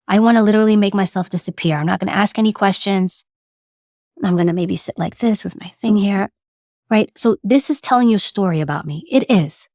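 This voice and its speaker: A woman giving a motivational talk, animated and acting out examples as she speaks. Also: mid-range voice, dry recording, studio quality. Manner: animated, acts out examples, repeats words. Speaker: speaker on presence and communication.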